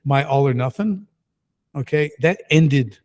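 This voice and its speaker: Lively middle-aged male storyteller. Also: mid-range voice, measured pace. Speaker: guest entrepreneur. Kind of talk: casual storytelling.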